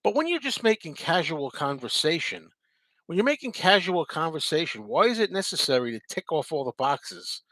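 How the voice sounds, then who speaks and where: A man's voice: on the high side, big pitch swings, normal speed, pushed and bright, no echo. A man hosting a casual live chat, reading and answering viewer comments in a rambling, repetitive way. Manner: chatty, repeats himself, rambling asides.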